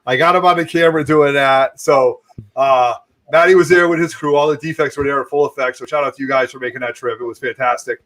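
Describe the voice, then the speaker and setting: A man hosting a livestream chat, upbeat and full of shout-outs to friends. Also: mid-range voice, steady tone, fast talker. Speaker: host. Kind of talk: casual chat.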